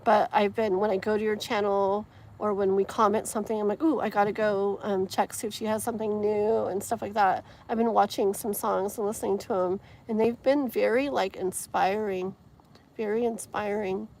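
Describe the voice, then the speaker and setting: A woman's voice: medium pitch, fairly even intonation, normal speed, a little mellow, a little hiss or hum. A woman hosting a tarot livestream, chatting casually outdoors and reading viewer comments aloud in an effusive, gushing way. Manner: effusive, gushing, many fillers. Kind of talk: casual live-stream chat reading comments. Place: outdoors, wind and passing traffic.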